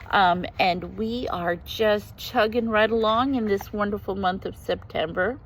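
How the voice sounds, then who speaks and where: Woman host of a devotional journaling series, unhurried, earnest, repeats key phrases, faint ambience behind. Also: medium pitch, a little hiss or hum, rough recording. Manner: earnest and gently encouraging, with slow emphatic repetition. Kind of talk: devotional Bible teaching.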